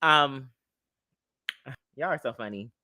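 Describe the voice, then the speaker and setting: A man's voice: mid-range voice, slow pace, sharp tone, dry recording, clean studio sound. A young man hosting a casual livestream, telling a story in a sassy, chatty way and greeting viewers by name. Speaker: livestream host.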